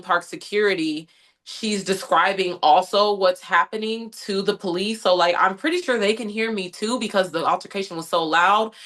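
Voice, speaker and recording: A young adult woman from the United States, an interview guest who tells her story in an animated way and keeps quoting her own thoughts. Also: lowish voice. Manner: animated storytelling, frequent "like" and quoted inner thoughts. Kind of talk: conversational interview recounting an incident.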